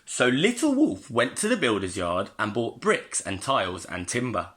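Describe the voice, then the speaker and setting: Animated male teacher reading a story. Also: mid-range voice, normal speed. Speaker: primary school teacher. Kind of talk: storybook read-aloud for pupils.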